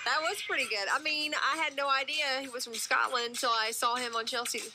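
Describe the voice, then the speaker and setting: A woman co-hosts a morning radio show with playful banter. Her voice is fairly high, and clear background noise sits under the broadcast. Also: steady tone, fairly quick, pushed and bright.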